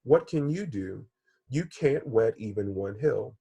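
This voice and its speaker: A man's voice: lowish voice, animated, measured pace, creaky, mellow, slightly rough, dull audio, exaggerated voice. A man voicing a doubting little raindrop. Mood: doubtful.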